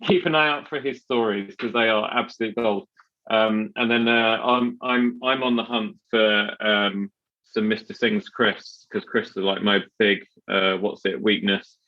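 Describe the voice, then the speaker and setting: A man hosting a podcast in relaxed, rambling chat, often restarting his sentences. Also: lowish voice, a little slow, muffled recording. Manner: chatty, rambling with many restarts and fillers. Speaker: podcast host.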